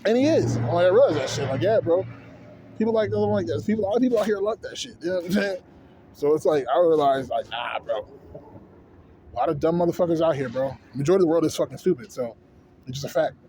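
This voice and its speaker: A man's voice: on the high side, expressive, fast, warm tone, slight background noise. A man in his thirties venting in a rambling, profane, heated rant to camera as a vlogger. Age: 30s.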